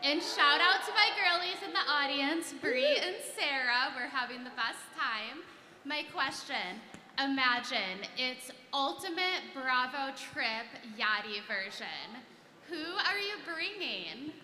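High, bright woman fan. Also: lively intonation, slow pace, a little hiss or hum. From Michigan, USA. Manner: upbeat, giggly. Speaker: audience member asking a question. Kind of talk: live panel audience question. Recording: echoey hall.

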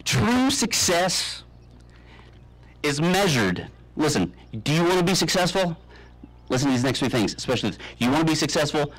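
A man in his thirties giving a humorous commencement speech, telling deadpan tall tales with many ums and uhs. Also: a little high, fast talker, low-quality recording. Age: 30s. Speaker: commencement speaker. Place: graduation ceremony, speaking to an audience.

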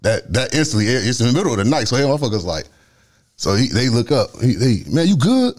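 Fast-talking Chicago man telling street stories. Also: medium pitch. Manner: animated, acts out voices, heavy slang. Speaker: guest storyteller. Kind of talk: casual street storytelling.

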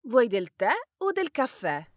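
A woman reading example sentences slowly with careful model pronunciation. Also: a little high, very animated, a little mellow.

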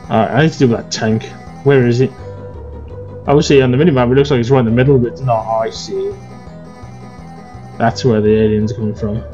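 A man's voice: mid-range voice, fairly even intonation, brisk, pauses often, lo-fi sound, music in the background. A groggy, worn-out English man chatting and rambling through casual gameplay commentary as a let's play host.

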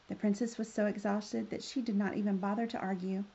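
A woman reading a children's fairy tale aloud in a gentle, expressive way. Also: mid-range voice, fairly quick, gravelly, hardly any pauses, slightly rough. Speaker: storyteller. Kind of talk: children's story read-aloud. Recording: slightly dull lo-fi sound.

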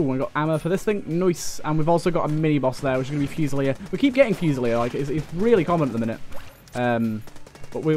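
A man's voice: mid-range voice, a little mellow. A young man giving casual let's play commentary, chatty and jokey, swearing and talking to enemies as he plays.

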